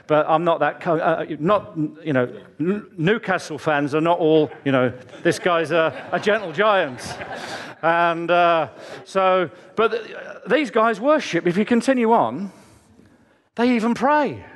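Guy preaching in church, bit high pitched, chatty and jokey, lots of stories and asides. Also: expressive, measured pace. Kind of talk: sermon.

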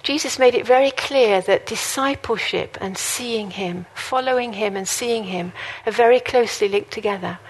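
A woman's voice: medium pitch, moderate pace, hardly any pauses. A woman preaching a sermon in an earnest, conversational way, mixing in personal stories. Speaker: guest preacher.

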